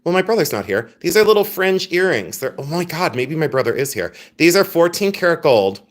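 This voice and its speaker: A man's voice: a little high, sing-song, brisk. A man hosting a live jewelry sale stream. He jokes, giggles and mocks himself while chatting straight to his viewers. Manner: joking, giggly and self-mocking. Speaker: livestream jewelry seller. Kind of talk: live sales stream chat.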